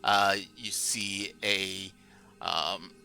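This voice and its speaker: A man narrating a tabletop game as game master, halting with lots of fillers. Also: sits low, steady tone, pushed and bright, soft background music.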